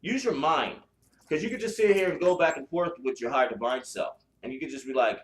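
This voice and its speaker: A man's voice: fairly high pitch, brisk. A man hosting a spiritual podcast, talking bluntly and profanely in a casual chat style, with lots of restarts. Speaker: podcast host. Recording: echoey room.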